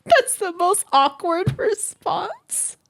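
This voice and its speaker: Podcast co-host, a woman, very high voice, brash profane quips in casual chat. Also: big pitch swings, gravelly. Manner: loud, profane, quick retorts.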